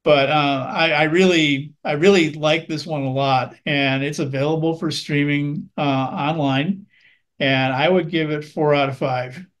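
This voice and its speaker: A male film critic with a slightly high voice gives a measured, earnest review. He often pauses on ums and uhs while weighing his words. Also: fairly even intonation.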